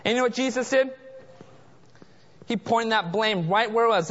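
A man preaching a sermon as pastor, dramatic, dropping to a hush for emphasis. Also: high-pitched, moderate pace, pauses often. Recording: muffled sound in a large reverberant hall.

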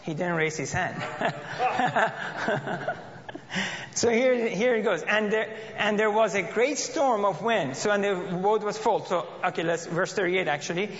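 Reading scripture and preaching in church, a man speaks earnestly and often repeats or restarts his phrases. His voice sits high and is fairly bright, and he talks a little slowly. The recording is dull and lo-fi, set in a reverberant hall.

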